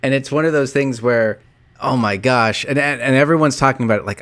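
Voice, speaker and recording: Brief: mid-pitched male co-host, keen and stumbling, recorded dry and close. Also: a little fast, a bit bright, dry recording. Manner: eager, enthusiastic, stumbling restarts. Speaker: podcast co-host. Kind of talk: casual podcast chat.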